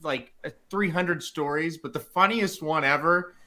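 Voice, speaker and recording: A man co-hosting a casual podcast, telling animated stories and laughing often. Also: a little high, normal speed. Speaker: podcast co-host, site owner.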